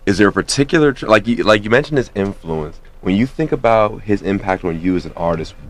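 Laid-back deep-voiced male radio host. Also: animated, quick pace. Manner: laid-back, slangy, hype announcer bits. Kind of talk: casual radio interview.

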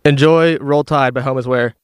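A man's voice: mid-range voice, fairly even intonation, moderate pace, clear, resonant tone, no echo. A young man hosting a college radio show, chatting loosely and joking at his own expense into a studio mic. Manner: joking, loose, self-deprecating. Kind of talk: casual radio chat.

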